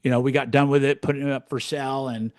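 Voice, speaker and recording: A man in his sixties from California tells his story in a casual podcast chat. He talks bluntly and with animation, swearing freely. His voice sits at an average pitch and sounds dry and close. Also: flat delivery, fast, darkish tone, no echo. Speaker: podcast co-host, real estate coach.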